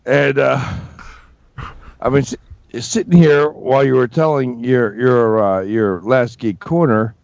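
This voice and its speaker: A man's voice: mid-range voice, steady tone, measured pace, vocal fry, a little mellow, dry recording, highs cut off. A man co-hosting a podcast, joking and swearing casually while he has the hiccups. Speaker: podcast co-host. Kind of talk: casual chat.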